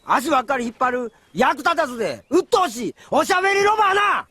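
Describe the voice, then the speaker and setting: Cranky ogre, kansai accent, yells high and fast, bright sharp voice. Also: male voice, very animated, no echo, exaggerated voice. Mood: scolding. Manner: barking, scolding. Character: grumpy brutish male ogre, crude and temperamental. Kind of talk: film dub.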